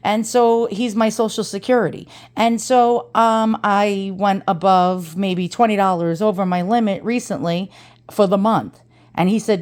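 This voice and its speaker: A woman's voice: mid-range voice, steady tone, normal speed, a little mellow. A woman with an East Coast American accent, talking in a chatty and dramatic way in a casual unboxing vlog, swearing freely. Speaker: antiques reseller vlogger.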